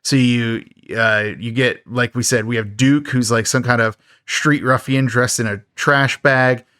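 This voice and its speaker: With a steady, sharp mid-range voice and a measured pace, a male podcast co-host casually recaps a schlocky horror movie. He jokes constantly and laughs often, and the studio-quality recording has no echo.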